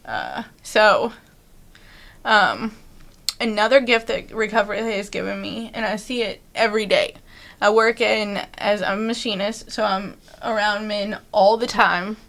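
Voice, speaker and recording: A woman of middle pitch talks candidly as an interview guest. Her manner is blunt and unfiltered, with easy laughter breaking in between thoughts. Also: measured pace, creaky, a bit bright. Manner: blunt, frank, laughs easily. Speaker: podcast guest.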